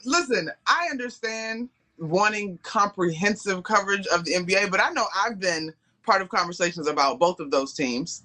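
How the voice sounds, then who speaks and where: A woman's voice: medium pitch, normal speed, pushed and bright. A woman on a sports TV panel, chatty and exasperated as she gives her take in a studio. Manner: exasperated, chatty, uses fillers. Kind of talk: on-air sports discussion.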